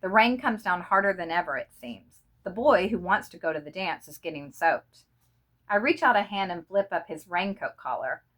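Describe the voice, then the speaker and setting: A woman reading a short story aloud in an expressive, dramatic way. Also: lowish voice, moderate pace. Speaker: reader.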